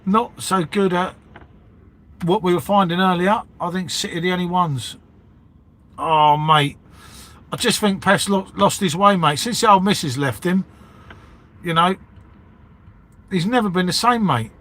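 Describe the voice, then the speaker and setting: Rambling bloke saying mate. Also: male voice, high voice, measured pace, pauses often, a bit bright. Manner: matey, rambling, says "mate" and "innit" constantly. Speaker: livestream host chatting with viewers. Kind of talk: casual live-stream chat.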